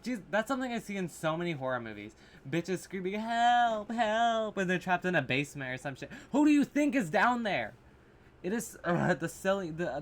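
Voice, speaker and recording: A man's voice: fairly high pitch, fairly bright tone, a little hiss or hum. A man casually reacting to horror short films, blunt and sarcastic, swearing freely and restarting his sentences. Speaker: reaction video host.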